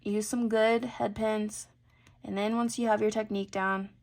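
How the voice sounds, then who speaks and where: A woman chatting casually through a bead necklace tutorial as she works at her desk mic, thinking aloud and trailing off into soft mutters. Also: mid-range voice, flat delivery, normal speed, vocal fry. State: has the hiccups. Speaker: jewelry-making channel host. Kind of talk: casual craft tutorial chat.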